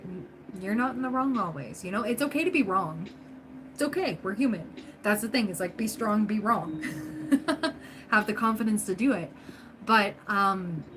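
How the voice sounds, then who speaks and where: A woman's voice: fairly low pitch, background noise. Chatty woman hosting a tarot stream. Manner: chatty, encouraging, frequent laughs and fillers. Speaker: tarot reader livestream host. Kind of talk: casual livestream chat.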